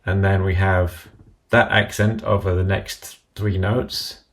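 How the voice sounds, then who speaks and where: A man with a very low, gravelly voice narrates a screen-recorded app tutorial. He explains each step calmly and in order, with a voice-over sound. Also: slow pace.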